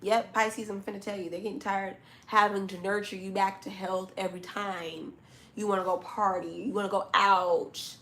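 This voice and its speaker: A woman's voice: medium pitch, little pitch movement, normal speed, a bit bright. A woman doing a zodiac tarot reading to camera, talking straight at the listener in a blunt, scolding way, with casual slang and repeated points. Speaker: tarot reader.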